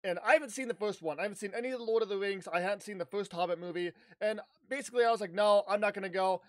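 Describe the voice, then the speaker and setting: High-voiced guy rambling through a story for his vlog, lots of restarts, dry close sound. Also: rapid-fire, no room sound. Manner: animated, rambling, with restarts and swearing. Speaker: YouTuber.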